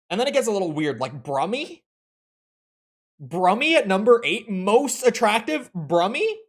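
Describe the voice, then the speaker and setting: A young man with an American Midwestern accent chatting casually on a live game stream, opinionated and rambling. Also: on the high side. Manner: opinionated, animated, rambling with restarts.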